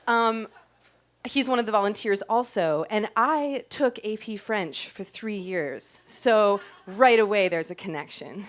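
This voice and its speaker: A woman's voice: on the high side, fairly bright tone. A woman telling a personal story on a club stage into a stage microphone, chatty and self-deprecating, with frequent ums and likes. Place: stage of a small club before a live audience.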